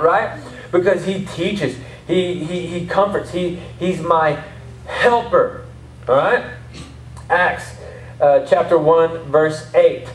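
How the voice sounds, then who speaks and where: A Southern-accented man preaches to his congregation in a loose, conversational way, with laughing asides. His voice sits a little high. The sound is roomy, and he is picked up from some distance in a hall. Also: a little hiss or hum. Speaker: pastor. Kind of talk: sermon. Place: church service in a rented martial arts academy space.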